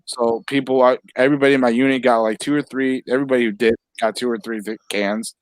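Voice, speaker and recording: A man runs a relaxed video-call chat, rambling on with easy laughs. His voice sits in a middle range and sounds dry and close, with no room around it. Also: medium pitch, fast, no echo. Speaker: host.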